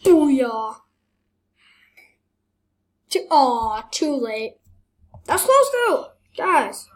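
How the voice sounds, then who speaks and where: A young woman hosting her gaming channel, giving casual gameplay commentary, excitable, exclaiming and laughing as she plays. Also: sits high, drawn-out words.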